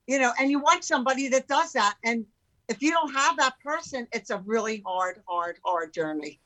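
A woman in her sixties, an entrepreneur guest in casual chat, talking in an animated, emphatic way with many rhetorical questions. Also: fairly high pitch, moderate pace, poor audio.

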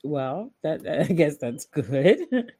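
A woman's voice: deep voice, very animated, drawn-out words, warm tone, breathy edge. A woman hosting a casual radio talk show, greeting her co-hosts in an upbeat way and repeating her welcomes.

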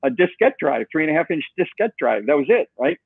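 A man's voice: on the high side, a little fast, gravelly, husky, no echo. Man telling a story over a tinny line. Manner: animated storyteller, acts out quoted dialogue. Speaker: guest, software co-founder. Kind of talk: storytelling interview.

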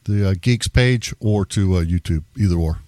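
A man with a very deep, dark voice on a group call, recorded dry and close. He answers in an easygoing, agreeable way. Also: normal speed, no echo. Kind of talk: casual group chat on a call.

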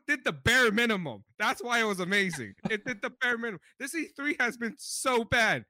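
A young man co-hosting a podcast in casual chat, excitable and profane, often laughing. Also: very high-pitched, no room sound. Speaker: podcast co-host.

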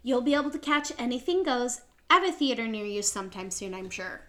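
A woman's voice: on the high side, a little fast, fairly bright tone. A young adult woman co-hosting a podcast in casual chat, giggly and enthusiastic. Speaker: podcast co-host.

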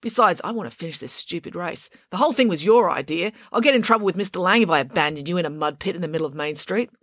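A woman's voice: lowish voice, expressive, fast, fairly bright tone, no room sound, studio quality. A woman voicing a bossy, upbeat young girl who barks commands.

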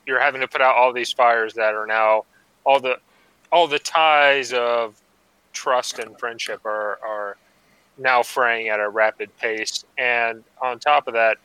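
A man pitching tabletop game ideas in a chatty way, full of fillers and quick "right?" check-ins. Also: sharp tone, smooth, dry recording, low-quality recording. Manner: chatty, lots of fillers and tag questions. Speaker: panelist. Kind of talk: casual tabletop game discussion.

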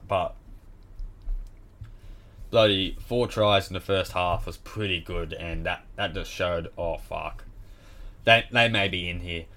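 A deep-voiced Australian man, a podcast host, runs through results in a casual rant, blunt, exasperated and swearing constantly. He speaks slowly with long pauses in a bright, forceful tone.

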